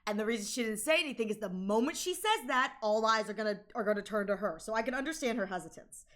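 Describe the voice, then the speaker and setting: Brief: playful young woman game streamer, bright high voice, chatty and giggly. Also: expressive, fast. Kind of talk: casual gameplay commentary.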